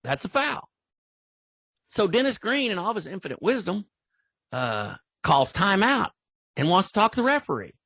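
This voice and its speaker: An older man, speaking as a football official in a training talk. His husky voice rambles in a folksy way, with lots of restarts. The sound is close and dry. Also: high voice, big pitch swings, normal speed, fairly bright tone, no echo. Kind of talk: storytelling in an online training talk.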